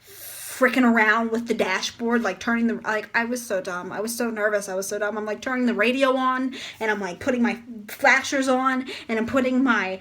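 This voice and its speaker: A woman's voice: a little high, normal speed, few pauses, a bit bright. A young woman telling a story in a casual vlog, rambling and chatty with lots of filler words. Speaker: vlogger.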